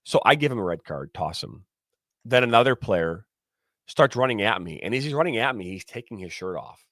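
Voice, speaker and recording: A man's voice: fairly low pitch, fairly quick, dry recording. Guy chatting about reffing days, dry close mic, acts out the quotes, lots of restarts. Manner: animated storyteller acting out quotes, many restarts. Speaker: former soccer referee, podcast guest. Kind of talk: casual storytelling chat.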